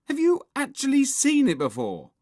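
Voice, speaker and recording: A woman's voice: sits high, wildly swooping pitch, moderate pace, a little mellow, no room sound, studio quality, voice pushed up. Horrid Henry, a woman doing a whiny bratty boy. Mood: scornful. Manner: complaining, sneering. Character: bratty young schoolboy, rude and scornful.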